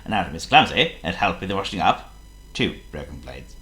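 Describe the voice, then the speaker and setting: A man narrating a children's storybook in a lively, theatrical way. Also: low-pitched, brisk.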